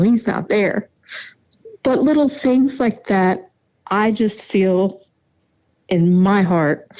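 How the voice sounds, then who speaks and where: Mellow-voiced mother telling a family story. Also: on the low side, rough recording. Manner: halting, repeats words, laughs softly between memories. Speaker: donor mother, guest. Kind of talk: emotional personal storytelling.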